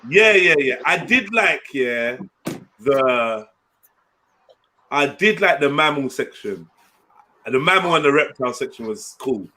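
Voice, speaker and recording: A man's voice: mid-range voice, animated, unhurried, pauses often, pushed and bright, slight background noise. A young man hosting a livestream, joking, swearing and laughing in slangy casual banter. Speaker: livestream host.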